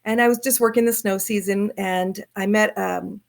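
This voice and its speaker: A middle-aged woman from Southern California, a guest telling her travel stories in lively fashion over a video call. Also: medium pitch, normal speed, creaky. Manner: lively storyteller acting out quoted voices. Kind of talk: storytelling in an interview.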